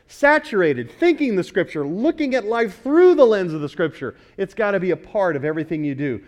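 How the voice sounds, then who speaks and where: High-voiced preacher quizzing his congregation. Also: big pitch swings, brisk, hardly any pauses. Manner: asks the congregation questions and repeats key words. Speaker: pastor. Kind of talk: sermon.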